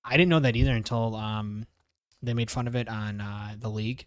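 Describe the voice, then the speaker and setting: A man's voice: fairly low pitch, fairly quick, smooth, no room sound, studio quality. A young man co-hosting a podcast, telling a story in casual, profane chat and acting out the other people's lines. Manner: animated storyteller, swears a lot, acts out voices of others. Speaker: podcast co-host.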